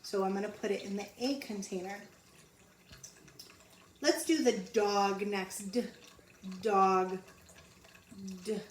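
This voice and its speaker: Slow, patient woman teaching letter sounds. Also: medium pitch, darkish tone. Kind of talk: phonics lesson for young children. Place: home. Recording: roomy echo, mic at a distance, faint background noise.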